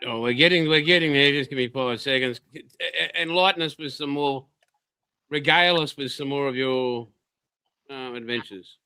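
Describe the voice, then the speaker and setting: A man's voice: medium pitch, moderate pace, sharp tone, clean tone, rough recording. A man hosting a casual livestream chat in a jokey, easygoing way. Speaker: host.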